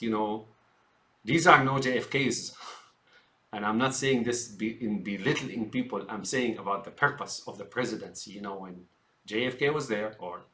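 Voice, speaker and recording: A man's voice: lowish voice, bright, forceful tone. A man ranting about politics in a rambling, filler-heavy way, often calling his listeners folks. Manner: acts out quoted politicians in mocking voices. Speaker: political ranter. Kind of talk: unscripted political rant.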